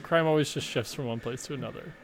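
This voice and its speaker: A man's voice: medium pitch, fast talker, slight background noise, low-quality recording. A man co-hosting a podcast in casual chat, throwing in dry teasing asides. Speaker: podcast co-host.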